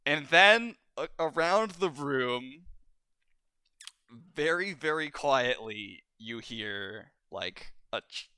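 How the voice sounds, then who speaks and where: Game master, male, animated and laughing; smooth voice, dry sound. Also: mid-range voice, slow pace, no echo. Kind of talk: narrating a tabletop game.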